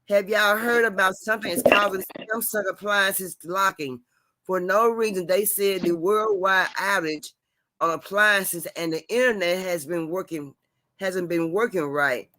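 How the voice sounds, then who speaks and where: A man's voice: high-pitched, pushed and bright, dry recording. A man hosting a casual chat show, laid-back and talking straight to his viewers. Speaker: host.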